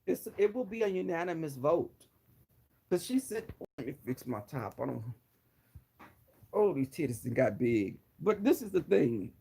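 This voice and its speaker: A man's voice: fairly high pitch, big pitch swings, normal speed, creaky, pauses often, warm tone, slight background noise, rough recording. A man vlogger roasting someone in a sassy, dramatic way. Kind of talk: sassy commentary.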